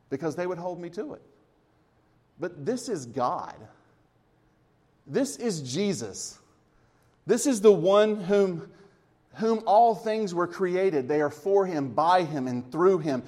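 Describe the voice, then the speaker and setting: A man's voice: high voice, expressive, a little slow, pauses often, a little mellow. A man, a church elder, preaching a sermon in a conversational storytelling way with light humor.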